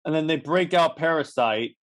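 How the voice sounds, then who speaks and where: A man's voice: on the high side, moderate pace. A man co-hosting a podcast, casually recapping a comic with many restarts and acted-out quotes. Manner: rambling, many restarts, acts out lines. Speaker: podcast co-host.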